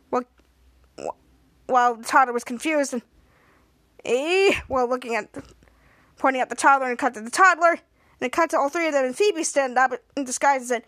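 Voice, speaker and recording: A woman podcast host walks through a TV episode scene by scene, rambling and restarting as she goes. Her voice is high, and the recording is dry and close with no room echo. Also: brisk, pauses often, a bit bright. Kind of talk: episode recap narration.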